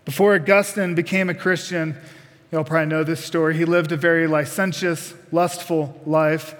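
A man's voice: a little high, little pitch movement, moderate pace, big-room sound. A man preaching a sermon, putting direct questions to the congregation with folksy asides.

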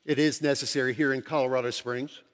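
A pastor preaching a sermon to his congregation, earnest and conversational, slowing down to stress key phrases, his throat a little dry. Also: medium pitch, steady tone. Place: large church sanctuary. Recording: long hall reverb from a large church.

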